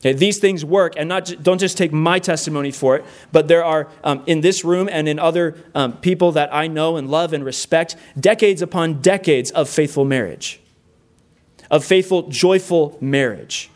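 A man's voice: on the high side, normal speed. A middle-aged man preaching a sermon in a church, earnest and emphatic, repeating key phrases and building lists. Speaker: pastor. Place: church room with a congregation.

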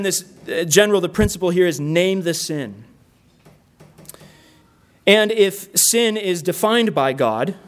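Earnest middle-aged man preaching, higher voice. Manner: earnest, plainspoken preaching with rhetorical questions. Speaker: pastor. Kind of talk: sermon.

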